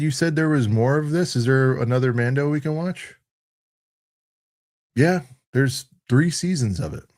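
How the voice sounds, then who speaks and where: A man in his thirties with a lowish, darkish voice chats casually on a review panel. He rambles in a laid-back way, saying "dude" and "like" constantly.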